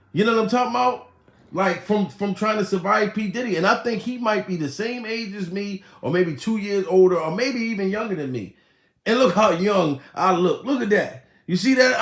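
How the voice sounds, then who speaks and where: A man hosting a live comedy stream, riffing on the news in a rambling, profane, animated way. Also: high voice, reverberant. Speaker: comedian host.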